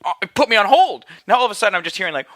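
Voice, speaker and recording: A young man with a high voice talks rapid-fire, and the recording has no echo. Hosting his podcast alone from his apartment, he rants profanely in an animated, casual monologue about a phone call, performing the voices of the people on the line.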